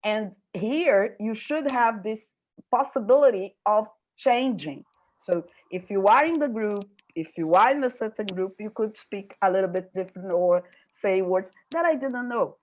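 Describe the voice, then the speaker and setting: A woman's voice: mid-range voice, expressive, unhurried, rough recording. An older woman speaking as a panelist, reflective and often checking in with the listener. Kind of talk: panel discussion.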